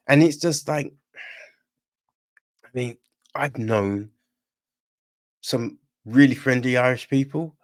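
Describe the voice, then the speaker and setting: A man's voice: medium pitch, slow, pauses often. A man reviewing films on a podcast, in a blunt casual chat, feeling unwell and often asking "right?" and "you know what I mean?".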